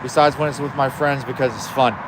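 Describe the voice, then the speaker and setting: A man's voice: medium pitch, steady tone, fairly quick, background noise. Blunt, foul-mouthed man streaming outdoors. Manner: blunt and profane, chatty with viewers. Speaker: livestream host. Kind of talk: casual livestream chat. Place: outdoors by a smoker.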